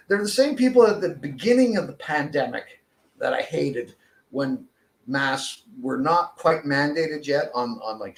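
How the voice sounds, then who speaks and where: A man's voice: on the high side, a bit bright. A Canadian man ranting in a casual podcast chat, swearing constantly. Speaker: podcast co-host. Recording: echoey room.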